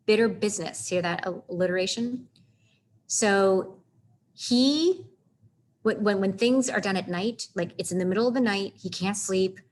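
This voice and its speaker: A woman teaching a casual literature lesson, chatty and animated, stopping to read lines of verse aloud with heavy stresses. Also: medium pitch, a little slow. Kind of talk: casual classroom lecture on literature.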